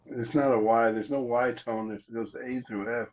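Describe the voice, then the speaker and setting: A man's voice: medium pitch, steady tone, moderate pace. A man chatting casually on a livestream, making dry teasing jokes. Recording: dull lo-fi sound.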